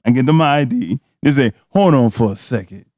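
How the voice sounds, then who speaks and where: A man, co-hosting a podcast and telling a comedic story in a loud, laughing, slangy way. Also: medium pitch, very animated, a little fast, no room sound, clean studio sound. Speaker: podcast co-host.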